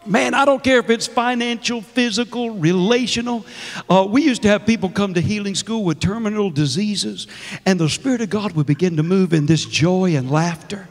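With a high voice at a normal speed, this middle-aged man preaches as a visiting minister, laughing frequently and calling out to the people in the church sanctuary. The recording carries a long church reverb.

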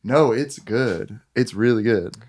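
A man's voice: mid-range voice, slow, darkish tone, breathy edge. A young man co-hosting a podcast, telling a story in an easygoing, self-deprecating way. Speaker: podcast co-host. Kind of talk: casual podcast chat.

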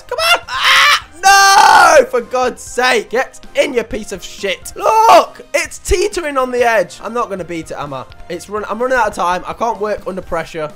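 A young male gaming YouTuber delivers excitable let's play commentary in a high voice. He's shouty and panicky, swinging between yelling and muttering.

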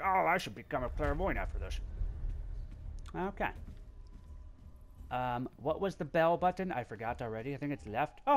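Playful, lively man narrating gameplay. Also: medium pitch, a little hiss or hum. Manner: playful, talks to the game, squeals and laughs. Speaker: gameplay video host. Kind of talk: let's play commentary.

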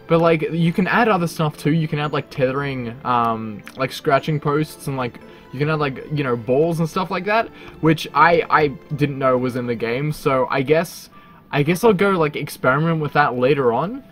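A man giving casual gameplay commentary, excitable, laughing often and talking to the animals in his game. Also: fairly high pitch, normal speed, soft background music. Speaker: gaming channel host.

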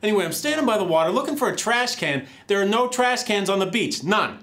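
Man playing a loud stand-up comic, rambling gripes, high lively voice. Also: fast talker. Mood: griping. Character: brash male stand-up comic. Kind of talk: stand-up parody.

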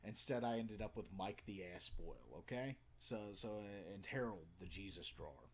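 A man's voice: deep voice, moderate pace, breathy edge. Guy streaming from his den, telling work stories, swears a lot, voice jumps all over. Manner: animated, profane, swings from loud to muttered. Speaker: live stream host. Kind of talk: casual storytelling to a live chat. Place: den at home. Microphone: webcam setup.

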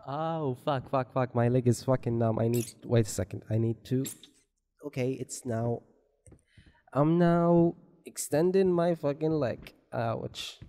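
A man's voice: mid-range voice, slow, dark tone. A man giving rambling, joking commentary while playing a horror game, swearing often. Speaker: gameplay commentator.

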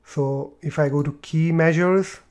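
A man's voice: fairly high pitch, fairly even intonation, measured pace, a little mellow. Man walking through a spreadsheet tutorial. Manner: explains step by step with fillers and repeats. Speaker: tutorial presenter. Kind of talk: screen-recorded software tutorial.

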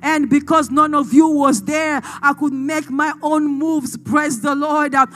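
A woman pastor preaching a passionate sermon in church, often shouting, with frequent "uh" fillers. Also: high-pitched, steady tone, measured pace.

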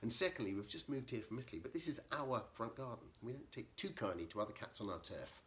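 A man voicing a bold young female ninja cat who is quick to argue. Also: medium pitch, expressive, a bit bright, voice pushed up, natural voice. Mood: assertive.

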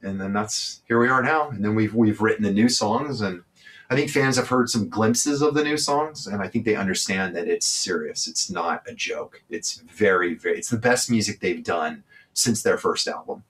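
A man's voice: on the low side, moderate pace, fairly bright tone. A man from California speaking candidly as an interview guest, blunt, emphatic and freely profane.

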